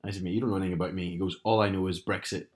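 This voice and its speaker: A man's voice: deep voice, fairly even intonation, rapid-fire. A young man, telling a story in casual chat with wry humour and frequent laughs. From Northern Ireland.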